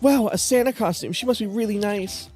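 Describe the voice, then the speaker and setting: Man putting on a high, bubbly teenage girl sidekick, excitable, video game voice. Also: a little fast, soft background music, natural voice.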